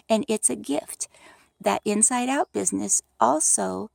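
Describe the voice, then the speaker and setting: A middle-aged woman with a heavily gravelly, fry-laden voice talks off the cuff, rambling and animated with many restarts. The sound is dry and close. She sounds like she is chatting outdoors on her deck. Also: medium pitch, measured pace, no room sound. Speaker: vlogger. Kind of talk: unscripted casual monologue.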